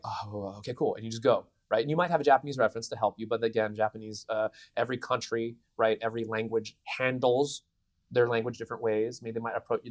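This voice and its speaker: A man in his thirties, a voice actor giving a convention interview, telling stories in an animated way with many restarts. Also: medium pitch, no echo. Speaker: voice actor guest. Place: convention venue.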